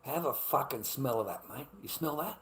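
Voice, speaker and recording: A man's voice: medium pitch, expressive, moderate pace, fairly bright tone, a little hiss or hum. A middle-aged man with an Australian accent, talking bluntly on his own livestream, swearing often, repeating himself and calling the viewer mate. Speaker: live streamer. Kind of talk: rambling casual livestream talk.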